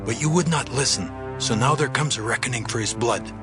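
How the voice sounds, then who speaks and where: A man's voice: mid-range voice, a little fast, natural voice. Guy doing a scolding older brother in a bible drama, middle voice, music under. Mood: reproachful. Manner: reproachful. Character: reproachful eldest brother. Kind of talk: dramatized scripture reading.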